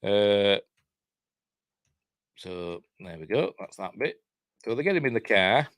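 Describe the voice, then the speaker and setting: A man's voice: lowish voice, very animated, takes it slowly, fairly bright tone, no room sound. A man with a Yorkshire accent giving a rambling, chatty breakdown of a film, full of fillers and chuckles. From Yorkshire, England. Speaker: film reviewer.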